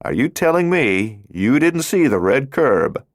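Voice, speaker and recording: A man's voice: mid-range voice, very animated, a little slow, dry recording, clean studio sound, pitched above the performer's own voice. A male narrator voicing a friendly, curious patrol cop with a playful, tentative manner in an audiobook.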